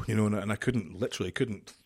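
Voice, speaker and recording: A middle-aged man, a podcast guest, telling a story in an animated, swearing way and acting out the dialogue. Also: fairly low pitch, very fast, husky. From United Kingdom.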